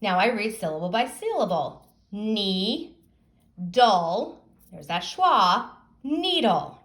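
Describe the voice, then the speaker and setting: A woman teacher giving a phonics lesson, sounding out words slowly and asking young pupils questions. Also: mid-range voice, very animated, fairly bright tone.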